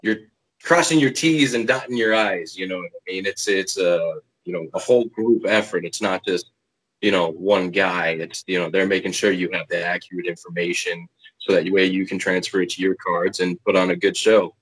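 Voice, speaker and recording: A man hosting a podcast, chatting with his guest in a relaxed, agreeable way. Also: low voice, moderate pace, rough recording. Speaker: podcast host. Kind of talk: casual interview chat.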